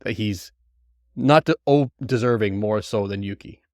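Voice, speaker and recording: Man, podcast co-host, low voice, casual chat, quick interjections, dry sound. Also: no echo. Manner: quick interjections, stumbling restarts.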